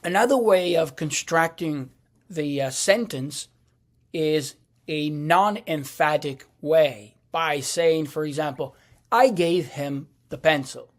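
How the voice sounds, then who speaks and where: A man giving a video lecture on Italian grammar, speaking deliberately with many pauses, fillers and restarts. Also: a little high. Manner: deliberate, halting with frequent fillers and repeats.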